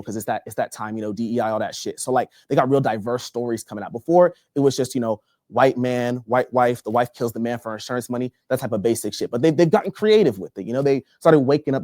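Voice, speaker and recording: A young male comedian from Texas tells a long story on stage. He delivers it with animated energy and a lot of profanity. His voice sits in a middle range and sounds dry and close, with no echo. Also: mid-range voice. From Texas, USA. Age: young adult. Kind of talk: stand-up comedy.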